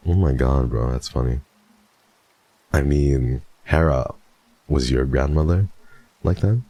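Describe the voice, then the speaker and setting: A male VTuber chatting with his live audience. His voice sits extremely low with a gravelly, creaky edge. He talks in an easygoing, chatty way and often breaks into soft laughs. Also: slow, no echo. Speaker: VTuber streamer. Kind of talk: casual chat with live stream viewers.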